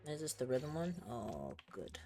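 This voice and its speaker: A woman commentates casually on her own video game stream in a playful, chatty way. Her pitch is lively, swinging up and down as she reacts. She talks to her viewers between bits of dialogue. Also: a little slow, music in the background.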